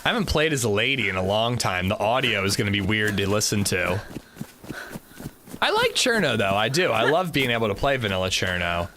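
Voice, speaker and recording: A man chatting casually on his live game stream, thanking viewers and reading out their names in quick bursts. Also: lowish voice, sing-song, noisy background.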